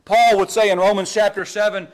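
High-voiced, emphatic male preacher. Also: little pitch movement, fairly quick. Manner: emphatic, stammering repeats, swings between loud and hushed. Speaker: pastor. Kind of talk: sermon.

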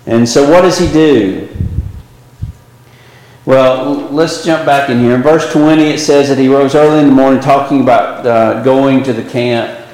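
A man's voice: medium pitch, steady tone, normal speed, darkish tone. A man teaching a Bible class, rambling with many fillers and restarts and pushing rhetorical questions up with emphasis. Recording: echoey hall with long reverb.

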